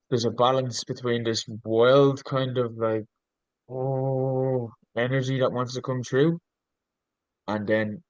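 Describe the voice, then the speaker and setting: A man's voice: medium pitch, a little mellow, no echo, muffled recording. A man, a coach on a podcast, talking reflectively and earnestly, often restarting his sentences and searching for words with ums. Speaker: podcast guest, leadership coach.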